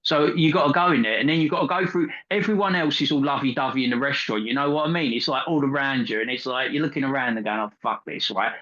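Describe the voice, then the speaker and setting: A man's voice: mid-range voice, quick pace, few pauses, a bit bright, lo-fi sound. A man, rambling through crude casual banter as a podcast co-host. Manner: bawdy, rambling, says "right?" and "mate" a lot.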